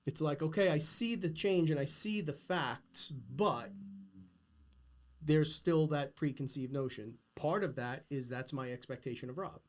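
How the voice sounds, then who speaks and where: Speaking at a measured pace in a fairly high voice, a middle-aged podcast host makes his points with earnest emphasis. The conversation is relaxed yet philosophical.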